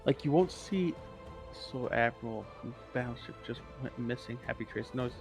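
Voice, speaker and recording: A man's voice: mid-range voice, moderate pace, vocal fry, over music. A man co-hosting a casual podcast, explaining game lore in a rambling, profane way and correcting himself as he goes.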